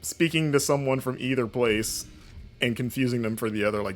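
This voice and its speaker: A man's voice: fairly low pitch, steady tone, normal speed, long pauses, fairly bright tone, slight background noise. A young man from the United States, a streamer and games critic, chatting casually over gameplay and laughing easily. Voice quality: chatty, laughs easily, jumps into playful mock voices.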